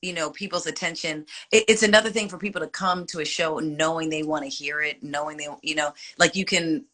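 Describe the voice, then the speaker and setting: Woman singer, forties, bright voice, loose reflective talk. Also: deep voice, steady tone, fairly quick. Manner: reflective, loose with many fillers. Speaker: singer guest. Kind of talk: casual interview chat.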